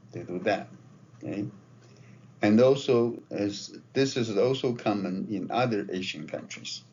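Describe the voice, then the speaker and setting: Low-voiced man lecturing, lo-fi recording. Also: darkish tone. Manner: conversational, often tags phrases with "right?" and "okay?". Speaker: marketing professor. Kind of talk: classroom lecture. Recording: dull lo-fi lecture recording with faint noise.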